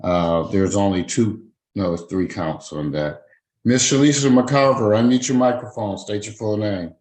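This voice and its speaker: A man's voice: fairly low pitch, normal speed, darkish tone, poor audio. A man presiding as a judge, formally reading out charges, fines and rights in a court hearing. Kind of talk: court proceedings over a video call.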